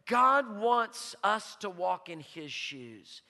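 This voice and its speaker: Male pastor, sermon, emphatic teaching, high bright voice, long hall reverb. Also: very animated, slow. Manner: emphatic, repeats key words, asks the audience questions. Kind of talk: sermon with storytelling and Bible teaching.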